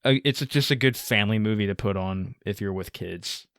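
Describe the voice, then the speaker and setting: Male co-host, low-pitched, relaxed halting delivery, dry close mic. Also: clean tone, no echo. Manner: laid-back, halting with fillers, laughs. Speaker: podcast co-host. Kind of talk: casual movie-review chat.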